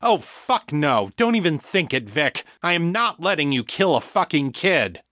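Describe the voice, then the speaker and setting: A man voicing a rough, swearing male criminal who is tense and protective, for an audiobook. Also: fairly high pitch, sing-song, unhurried, bright, forceful tone, dry recording, clean studio sound, voice pushed up, heavily acted. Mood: alarmed.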